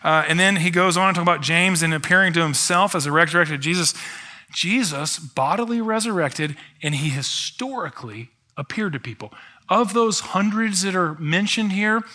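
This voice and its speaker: Male pastor, sermon delivery, somewhat high and bright-toned, emphatic with casual asides. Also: lively intonation, normal speed. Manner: conversational preaching with rhetorical asides; emphatic, builds in intensity.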